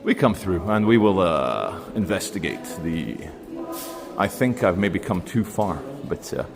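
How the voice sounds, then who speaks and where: A man's voice: low voice, animated, unhurried, over music. Chatty man vlogging on the move. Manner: chatty, rambling with many fillers. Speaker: travel vlogger. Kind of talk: casual walking vlog commentary. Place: indoor shopping centre, then outdoor bench. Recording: faint background noise.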